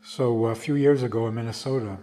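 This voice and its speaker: A man, a rabbi, giving a storytelling talk, speaking slowly and emphatically and acting out the quoted voices. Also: medium pitch, steady tone, dark tone. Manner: slow, emphatic, acts out quotes. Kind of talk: storytelling lecture.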